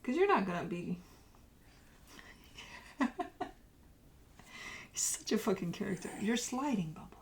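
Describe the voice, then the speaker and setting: A woman's voice: mid-range voice, very animated, a little slow, pauses often, echoey room, a little hiss or hum. A woman who hosts tarot readings, chatting at home and cooing at her dogs in baby talk, laughing often and sometimes dropping to a whisper. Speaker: tarot reader host. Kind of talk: casual chat talking to her dogs.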